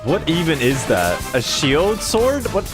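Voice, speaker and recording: A man streaming a live game playthrough, excitable and quick to exclaim. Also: fairly high pitch, music in the background. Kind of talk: live gameplay reaction.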